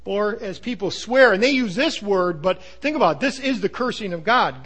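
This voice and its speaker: A man preaching a sermon, earnest and emphatic, sometimes dropping to a low hush. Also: animated, normal speed, few pauses. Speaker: pastor.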